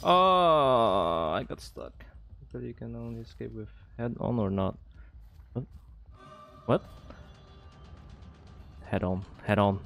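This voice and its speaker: A man streaming a video game and talking through every move, his voice leaping up and down in pitch as he gets worked up. He swears freely and laughs often, with faint game music underneath. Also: lively intonation, takes it slowly, creaky, long pauses, fairly bright tone. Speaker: gaming streamer. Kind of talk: live gameplay commentary.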